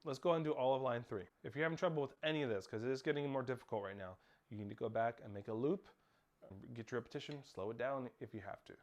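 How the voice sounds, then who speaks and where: A man's voice: medium pitch, quick pace, background noise. A man teaching a snare drum lesson, counting off and calling out rhythms and stickings. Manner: counts off and calls out rhythms, sometimes shouting over drums. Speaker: percussion teacher. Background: snare drumming.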